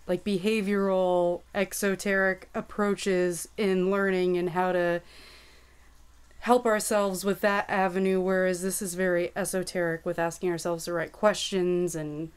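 A woman's voice: fairly low pitch, little pitch movement, unhurried, smooth. A woman joining a casual discussion, explaining a point thoughtfully. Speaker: group member in discussion.

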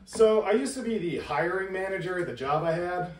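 A man's voice: high-pitched, lively intonation, fairly quick, slight background noise. A man doing a stand-up set in a living room, telling a joke story with confident punchlines. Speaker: stand-up comedian and game contestant. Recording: echoey room from far off.

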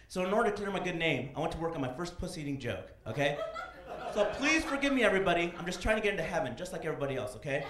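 A man doing stand-up comedy, telling profane, animated stories on a club stage. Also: fairly high pitch, very fast. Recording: echoey club with audience noise.

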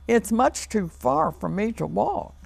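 A woman's voice: mid-range voice, big pitch swings, slow, gravelly, husky, voice pushed up, exaggerated voice. A woman reading the part of a tiny polite man who wants to get home, in a children's storybook reading. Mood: polite, pleading. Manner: pleading, polite.

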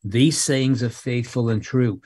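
A man preaching an expository sermon in a measured way, leaning hard on key phrases and now and then repeating words. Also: medium pitch, steady tone, darkish tone, slightly rough, dry recording.

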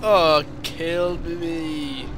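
A man giving casual gameplay commentary, excitable and foul-mouthed, cooing at the game's creatures and yelping at sudden scares. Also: a little high, extremely slow, background noise. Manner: excitable, swears freely, baby-talks to game creatures, sudden yelps. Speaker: gaming channel host. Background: game music.

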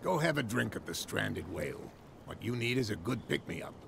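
Gravelly Boston sea captain. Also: male voice, on the low side, sing-song, moderate pace, a bit bright, heavily acted. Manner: folksy, sailor's turns of phrase. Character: gruff old male boat captain. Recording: game audio with clear noise.

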